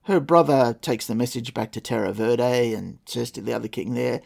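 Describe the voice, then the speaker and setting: A man's voice: mid-range voice, moderate pace, gravelly, a little mellow. A man casually retelling an old folktale with wry, sarcastic asides as a podcast host. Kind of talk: casual storytelling with commentary.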